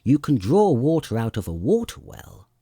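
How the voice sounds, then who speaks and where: A man's voice: mid-range voice, wildly swooping pitch, moderate pace, mellow, husky, dry recording, studio quality, pitched above the performer's own voice. A man voicing a rude, eccentric male hatter in a storybook, with a brash, mocking manner.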